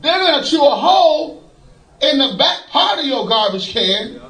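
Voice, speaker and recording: A man preaching a folksy sermon, laughing often and rising to shouts. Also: extremely high pitch, very animated, unhurried, reverberant, poor audio.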